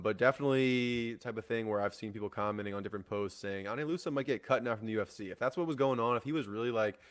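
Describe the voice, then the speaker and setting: A man's voice: lowish voice, clear, resonant tone. A man hosting a solo fight-news show, rambling in a casual way with lots of fillers, restarts and swearing. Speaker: MMA podcast host.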